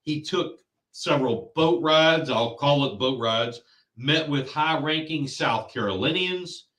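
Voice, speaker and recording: A man's voice: fairly high pitch, slow, a bit bright, reverberant, far from the mic, rough recording. A man hosting a political show, ranting in angry, insulting commentary. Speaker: podcast host.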